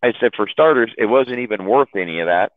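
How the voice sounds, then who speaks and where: A man's voice: on the low side, animated, fast talker, no room sound. A man telling a long profane story in casual chat, rambling and laughing at his own jokes. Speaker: chat room host telling stories. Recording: dry, phone-like audio.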